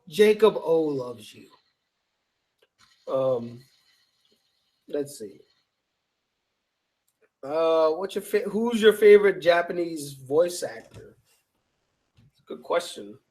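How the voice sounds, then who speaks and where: A tired, yawning man hosting a live chat, reading viewer comments and bantering back with loose, profane teasing. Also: on the high side. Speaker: YouTube channel host.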